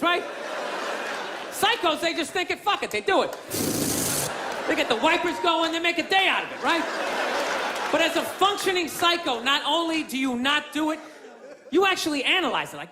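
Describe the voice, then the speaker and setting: A man's voice: very high-pitched, very animated, moderate pace. A man doing a stand-up comedy routine on stage, ranting with profanity and acting out other people's voices. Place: theater stage before a live audience. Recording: stage mic with loud crowd laughter and noise.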